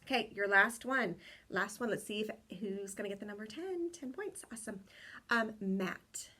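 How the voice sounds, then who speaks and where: A woman teaching a class of young children, spelling words slowly letter by letter and encouraging them. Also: mid-range voice, lively intonation, pushed and bright. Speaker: kindergarten teacher.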